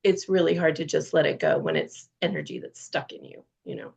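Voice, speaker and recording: A woman's voice: sits low, huge pitch swings, brisk, gravelly, darkish tone. A woman in a casual book group discussion, thinking aloud earnestly.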